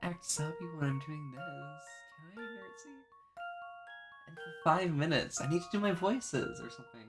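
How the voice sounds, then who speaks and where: A woman's voice: deep voice, a little fast. A woman streamer casually commenting on a game, joking and self-deprecating, with game music behind.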